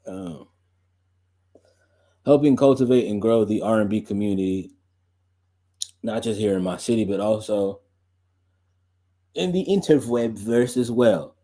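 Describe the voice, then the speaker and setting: Young male podcast host, low and warm, rambling chatty delivery full of "like"s. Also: lively intonation, unhurried, long pauses. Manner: loose and chatty, many fillers, laughs often. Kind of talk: casual rambling chat.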